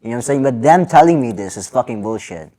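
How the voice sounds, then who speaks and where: A man's voice: mid-range voice, fast talker. A man co-hosting a podcast, venting in casual chat, swearing freely. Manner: swears a lot, animated venting. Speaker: podcast co-host.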